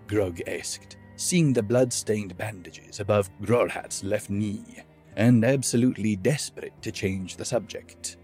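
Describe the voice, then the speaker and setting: A man reading fantasy fiction aloud as narrator, in measured, steady storytelling. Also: fairly low pitch, soft background music. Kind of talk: scripted narration.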